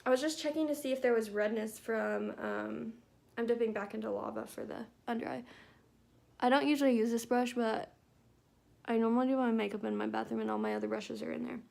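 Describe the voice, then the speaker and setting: A woman's voice: a little high, fairly even intonation, a little fast, vocal fry, a little mellow. A young woman vlogging at home, chatting casually as she does her makeup and tells stories packed with "like" fillers. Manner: chatty storytelling full of "like" fillers. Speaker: beauty vlogger. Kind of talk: casual chat while doing makeup. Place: at home, not in her bathroom.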